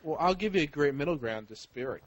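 A man's voice: a little high, animated, fast talker. A man co-hosting a casual review chat, mostly adding brief agreeing interjections.

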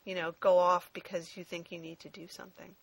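A woman hosting a casual review chat, talking frankly and at length, swearing freely and filling pauses with ums. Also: on the low side, level tone, vocal fry, slightly rough.

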